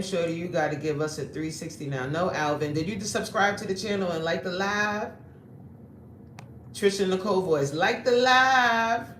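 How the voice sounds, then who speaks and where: A woman fitness coach hosting a livestream, reading the chat aloud and joking brashly in streetwise slang. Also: sits low. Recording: echoey room with faint ambient noise.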